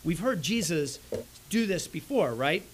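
A man preaches a sermon with a slightly raised voice. He talks in an animated way, often checking in with the listeners, and a faint hiss runs under the recording. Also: fairly high pitch, unhurried, low-quality recording. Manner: animated, swings loud and soft, frequent "right?". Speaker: pastor.

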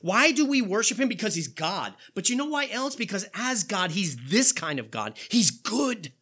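A male pastor preaching a sermon, asking rhetorical questions and quoting scripture with animated delivery. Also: sits high, normal speed, husky.

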